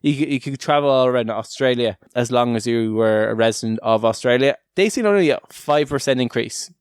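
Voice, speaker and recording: Chatty Irish man with a smooth, dry voice. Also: medium pitch, fairly quick, dry recording. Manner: chatty, laughs often, many "like" fillers. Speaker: podcast host. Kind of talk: casual podcast chat.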